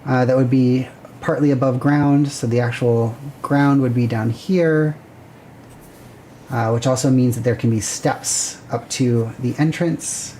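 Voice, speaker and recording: A woman's voice: very deep voice, fairly even intonation, a little slow, warm tone, a little hiss or hum. A woman hosting a livestream, casually thinking aloud and chatting with viewers while she sketches a building plan. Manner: rambling, self-correcting, chatty with viewers. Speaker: livestream host.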